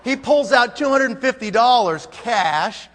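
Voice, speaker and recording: In a large hall, a conference speaker tells a comic story in a very high voice at a measured pace. He's animated, acting out scenes complete with sound effects.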